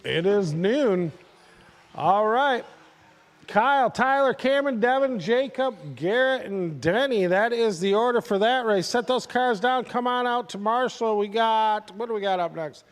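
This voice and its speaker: A man calls a live radio-control car race in a high voice. He talks at an easy, unhurried pace, chatting casually with the drivers and calling out their positions. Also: animated, in a large hall. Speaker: race announcer.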